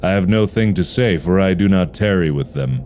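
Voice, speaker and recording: A man's voice: deep voice, fairly quick, darkish tone, a little hiss or hum, voice pushed down, lightly acted. A man voicing a sinful talking tree in a game, speaking in stilted mock-archaic English. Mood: sly.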